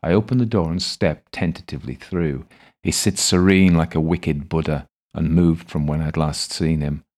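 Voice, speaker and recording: A man calmly narrating a first-person audiobook story in a measured way. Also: extremely low pitch.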